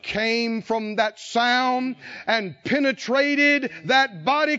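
High-voiced fervent preacher, slow and dull-sounding. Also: male voice, lively intonation, clear, resonant tone. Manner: storytelling with rising fervor and shouted lines. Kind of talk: sermon. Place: church conference hall.

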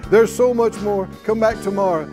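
A man's voice: high-pitched, steady tone, moderate pace, over music. A man teaching a Bible class as a sermon, emphatic and calling for responses from the class.

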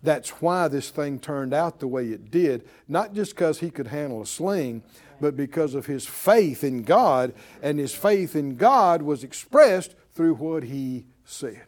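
A man preaching a sermon, telling a story with animated, acted-out voices. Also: a little high, measured pace.

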